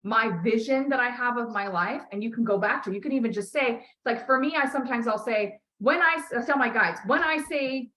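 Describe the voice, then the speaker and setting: A woman's voice: on the high side, fairly quick, hardly any pauses, sharp tone, rough recording. A woman coaching a client on a call, talking bluntly, swearing freely and encouraging her. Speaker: life coach.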